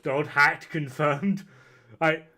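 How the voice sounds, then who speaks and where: A man's voice: fairly high pitch, level tone, slow, pushed and bright. A man chatting on a stream, rowdy and swearing with self-mocking banter, tipsy from whiskey at home. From United Kingdom. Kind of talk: casual stream chat. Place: home room, camera off.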